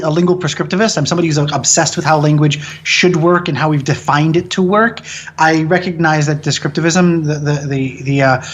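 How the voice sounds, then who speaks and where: A film director in his thirties appears as a guest in a casual interview chat. With a fairly high voice, he's animated and opinionated, swears freely and mimics people in mocking voices to make his point. The sound is lo-fi.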